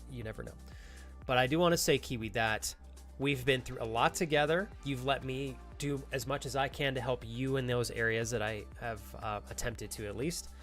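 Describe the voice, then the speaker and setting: A man's voice: medium pitch, a bit bright. A young adult man streaming a game live, chatting casually and earnestly thanking viewers by name. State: out of breath.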